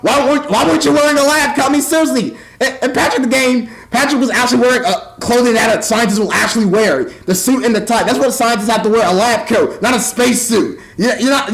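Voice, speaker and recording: High-voiced man ranting on webcam. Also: gravelly, a bit bright, low-quality recording. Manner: ranting, rambling, exasperated. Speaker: vlogger. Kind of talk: casual webcam rant.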